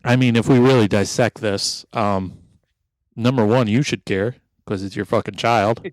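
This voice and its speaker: A man's voice: on the low side, steady tone, moderate pace, no echo. A man co-hosting a casual podcast. He talks wryly and swears a lot, and he reads out research notes. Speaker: podcast co-host.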